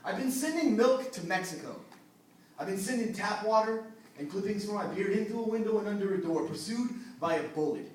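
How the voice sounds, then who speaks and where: A man's voice: sits high, expressive, fairly quick. Intense male spoken word poet, echoey hall. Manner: intense, dramatic swings from hushed to shouting. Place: event hall at an open mic. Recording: echoey hall, distant mic, faint noise.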